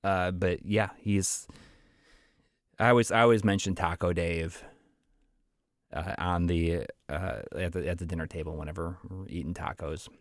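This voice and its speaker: A man's voice: low voice, steady tone, normal speed, dry recording, studio quality. A man co-hosting a podcast in casual chat, rambling with restarts and laughing easily. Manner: rambling, many restarts and fillers. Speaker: podcast co-host.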